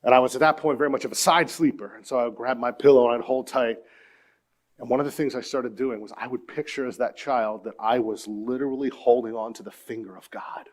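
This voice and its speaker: A middle-aged man preaching a sermon in church, telling stories earnestly and swinging between hushed, quiet moments and emphatic points. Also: medium pitch, fairly even intonation, quick pace. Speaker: pastor.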